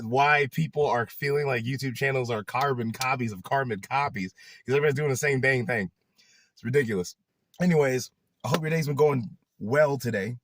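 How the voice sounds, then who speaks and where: A young man chatting in a casual vlog, animated and laughing often, who trails off into rambling asides. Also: a little high. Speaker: YouTuber.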